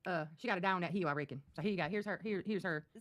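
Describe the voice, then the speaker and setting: A woman's voice: on the low side, racing. A woman hosting a casual reaction stream, mocking and roasting the clips she plays with profane, sassy commentary.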